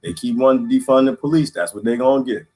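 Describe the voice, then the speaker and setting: Man, mid-pitched, drawling, rambling deadpan comic bit. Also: quick pace.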